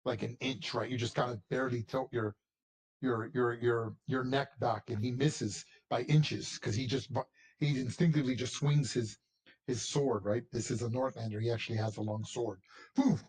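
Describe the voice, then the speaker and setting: Male game master, husky, rambling delivery with constant restarts and repeats. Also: mid-range voice, steady tone, normal speed, darkish tone. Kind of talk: narrating a tabletop game.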